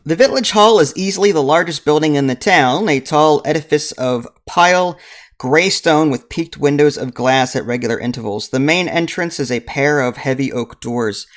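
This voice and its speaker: A man's voice: fairly high pitch, normal speed. A man hosting a board game playthrough, reading the story text aloud and joking around. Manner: jokey, laughs at his own jokes. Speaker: game master and channel host.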